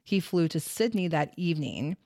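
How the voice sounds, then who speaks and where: On her true crime podcast, a woman recounts the case in a casual, chatty way, full of fillers with the occasional swear word. Her low voice is warm and animated at a moderate pace, recorded in a clean studio with no room sound.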